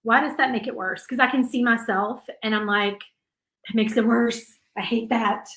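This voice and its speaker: A woman's voice: a little high, steady tone, moderate pace. A woman hosting a live painting stream, chatty and full of fillers, emotional and close to tears. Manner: chatty, warm, many fillers, tearful at times. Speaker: craft channel host. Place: home craft room. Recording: echoey room.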